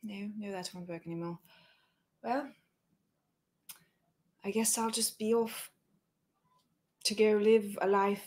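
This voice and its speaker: A woman voicing a confused, wistful princess, speaking softly and musing to herself. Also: mid-range voice, steady tone, slow pace, long pauses, close to an everyday voice. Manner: soft, musing, trailing off. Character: confused, wistful princess alone in a ruined London.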